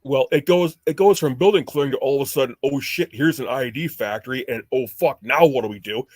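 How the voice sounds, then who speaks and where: A man's voice: mid-range voice, quick pace, a little mellow, no room sound. Blunt ex-tanker man, dry sound. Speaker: former tanker, podcast guest. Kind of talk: casual profane chat.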